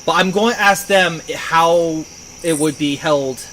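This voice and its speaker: A high-voiced man chatting as a player at a tabletop game. He drifts into long, eager tangents. A faint hum sits behind his voice. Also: measured pace, fairly bright tone, poor audio. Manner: rambling, enthusiastic tangents. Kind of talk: casual tabletop game chat.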